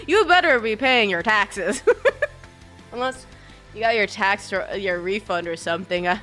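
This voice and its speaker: A woman's voice: medium pitch, lively intonation, a little slow, pushed and bright, faint music behind. A woman streamer chatting casually with her viewers, giggling often and greeting them. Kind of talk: casual live-stream chat.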